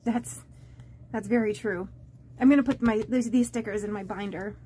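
A woman vlogger chatting to camera as she opens fan mail, halting and rambling with many fillers and restarts, gushing and easily moved. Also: mid-range voice, steady tone, mellow, slight background noise. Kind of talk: casual unboxing chat to camera.

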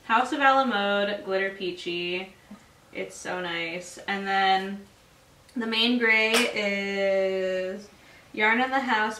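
A woman's voice: mid-range voice, bright, forceful tone, far from the mic. A woman co-hosting a casual knitting podcast, making playful, teasing asides. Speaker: podcast co-host. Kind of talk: casual chat about knitting. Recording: roomy echo, off-mic, faint hiss.

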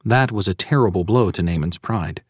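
Low-voiced male audiobook narrator. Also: moderate pace, slightly rough, no room sound, studio quality. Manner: earnest, preaching tone that cites scripture verses. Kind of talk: scripted audiobook narration of a sermon.

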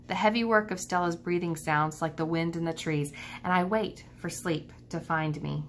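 A woman teacher reading a children's novel aloud, calm and steady. Her voice sits a little low and even, paced for young listeners. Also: normal speed, a little hiss or hum. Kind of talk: children's book read-aloud.

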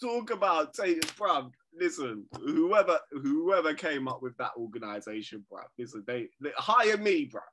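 Bright-voiced, animated man. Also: normal speed, few pauses, a little hiss or hum. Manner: animated, teasing, swears freely, bursts into high laughs. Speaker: podcast co-host. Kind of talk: casual banter.

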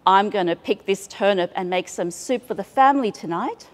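A woman voicing an old farmer in a storybook tale, in a plain, slightly lower voice. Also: expressive, brisk, close to an everyday voice. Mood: scheming.

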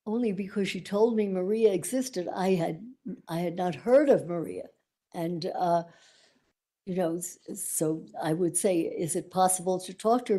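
Gravelly low-ish woman on the witness stand, dark tone, careful and kinda defensive. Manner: measured and defensive under questioning. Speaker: expert witness. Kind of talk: courtroom testimony.

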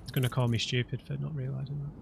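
A man hosting a let's play, with an average-pitched voice and a chatty, self-mocking way of talking. He comments casually as he plays. Game noise plays clearly behind him. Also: level tone, fast talker.

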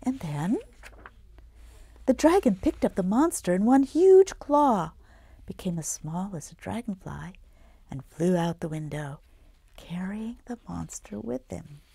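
A woman reading her own children's book aloud, dramatic and dropping into hushed whispers. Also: medium pitch, very animated, unhurried, vocal fry, breathy edge. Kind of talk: storybook read-aloud.

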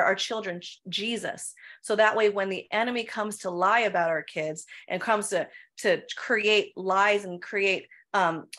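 A woman's voice: mid-range voice, a bit bright. Emphatic woman pastor preaching. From Filipino. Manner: emphatic, rhetorical questions with frequent "right?" and "come on". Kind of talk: preaching in a Q&A session.

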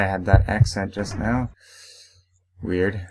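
Unhurried and creaky, this young man's lowish voice comes with a little hiss or hum in the audio. He's doing casual gameplay commentary for a let's play, reading on-screen text aloud and breaking into playful outbursts.

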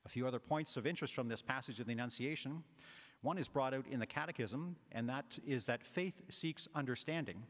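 Priest giving a homily in a reverberant church. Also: male voice, mid-range voice, brisk, a bit bright. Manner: conversational, with fillers and asides. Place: large church.

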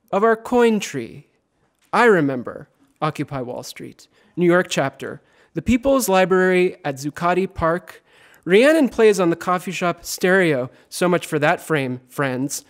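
A man giving a poetry reading at a university event, performing theatrically and swinging from loud to hushed, sometimes chanting repeated words. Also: high voice. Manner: chanting repetitions. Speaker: poet.

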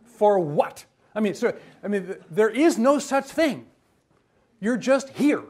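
In a high voice and at a slow pace, a man delivers a humorous university lecture. He's lively and full of jokes, quizzing his audience with questions.

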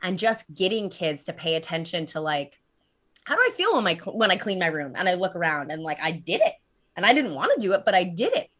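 30s running coach lady, kinda low voice, earnest and thoughtful, lots of ums. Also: big pitch swings, brisk, fairly bright tone. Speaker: guest author and running coach. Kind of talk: casual podcast chat.

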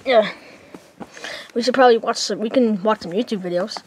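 A woman with a fairly high voice runs a casual homemade toy skit, voicing the characters herself. She rambles along with plenty of fillers and loose restarts. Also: brisk, a little mellow, slight background noise.

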